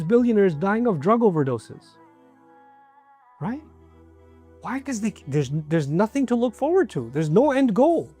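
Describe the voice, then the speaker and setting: A man's voice: sits high, dark tone. A man giving a religious lecture in a conversational way, asking rhetorical questions and acting out the people he quotes. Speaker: preacher.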